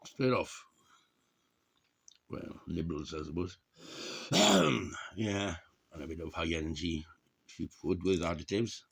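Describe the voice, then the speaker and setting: A middle-aged man chatting casually to camera in a rambling, jokey way, often clearing his throat. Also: sits low, lively intonation, slow pace, pauses often. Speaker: vlogger.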